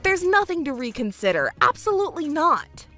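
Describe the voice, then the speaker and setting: Voicing an arrogant young fiancé in a texting story, a woman gives a full character voice, pushed up high with huge pitch swings and a bright, forceful tone at normal speed. He sounds scornful, condescendingly scolding his partner. Soft music plays behind her.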